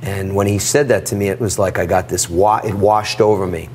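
Animated storytelling man, low voice. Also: brisk, slight background noise. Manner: animated storyteller, acts out dialogue. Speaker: guest. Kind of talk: storytelling interview.

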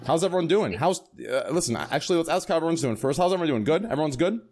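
A man's voice: a little high, animated, racing, a little mellow. Crude joking man hosting a podcast. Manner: crude joking, repeats "dude" and "listen". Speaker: podcast host. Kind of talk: casual group podcast chat.

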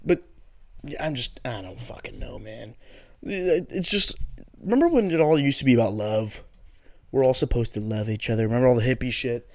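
A man talks on his own in a loose, profane solo podcast and drifts into goofy tangents. His voice sits at an ordinary middle pitch but swings up and down constantly as he talks. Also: expressive, moderate pace, a little mellow. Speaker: podcast host. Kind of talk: casual solo podcast chat.

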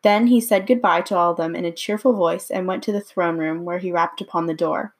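A woman reading a storybook chapter aloud at a measured, unhurried pace with small slips. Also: lowish voice, fairly even intonation. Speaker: reader.

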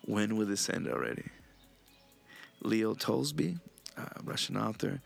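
A man hosting a podcast in a casual, profane, rambling monologue, reading quotes in a hushed voice. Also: fairly low pitch, huge pitch swings, a little slow, gravelly, pauses often, slightly rough, faint music behind. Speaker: podcast host.

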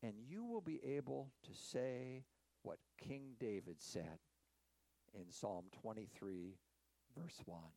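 Slow, expressive man preaching a sermon. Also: vocal fry, no room sound, low-quality recording. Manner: slow, emphatic preaching with lively rising and falling pitch. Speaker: pastor.

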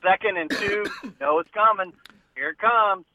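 A man's voice: high-pitched, measured pace, a loud crowd. A man calling in by phone from outdoors to a casual sports chat, laid-back with short, dry replies. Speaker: co-host on a call. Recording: tinny phone line.

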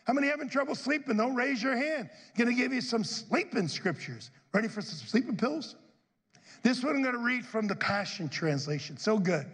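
A middle-aged male pastor preaching to his congregation, his voice high and husky. He swoops all over his range and bursts into excited shouts as he reads the verses. Long reverb from the church hall hangs behind him. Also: moderate pace. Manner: animated, shouts scripture with rising excitement. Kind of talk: sermon. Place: church sanctuary.

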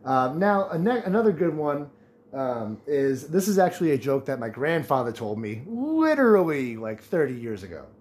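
A man's voice: on the high side, very animated, moderate pace, a little mellow. A man in his late twenties hosting a casual solo podcast, telling jokes and laughing at his own punchlines. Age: 20s. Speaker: podcast host.

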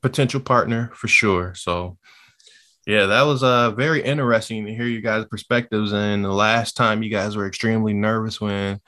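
A man hosting a casual podcast chat, relaxed and agreeable as he wraps up topics. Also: fairly low pitch, moderate pace. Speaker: podcast host.

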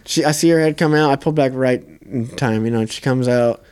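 A young man co-hosting a podcast tells a hunting story in a loose, easygoing way, swearing often. His voice is smooth and clear, in a middle pitch. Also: brisk. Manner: relaxed, profane storytelling. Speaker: podcast co-host. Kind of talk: casual hunting story chat.

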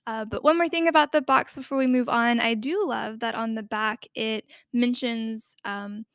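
A woman co-hosting a podcast, talking through a game's history in a thoughtful, scholarly way with quick asides. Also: fairly high pitch, fairly even intonation, a bit bright, no echo, clean studio sound. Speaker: podcast co-host. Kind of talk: casual discussion.

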